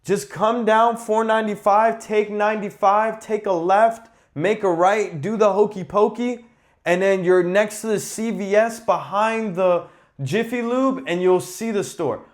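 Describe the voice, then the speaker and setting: A man puts on a fussy parent's voice, pitched up and singsong, ticking off one rambling turn after another. Pushed-up and a little loud, like a mocking impression. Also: measured pace.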